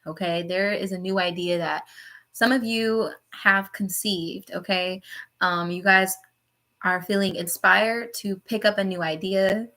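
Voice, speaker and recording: A young woman reads tarot live for her chat, talking fast and casually with plenty of swearing and laughter. Her voice is bright and clear, and she jumps between topics with sudden high, loud bursts. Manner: chatty, profane, laughs often, talks to chat. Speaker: tarot reader hosting a live stream.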